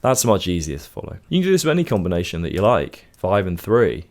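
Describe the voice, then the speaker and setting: Faint guitar and music sit behind this British music teacher as he walks through a songwriting lesson casually and step by step, counting out the beats. He has a deep, darkish voice and talks fast with a lot of animation.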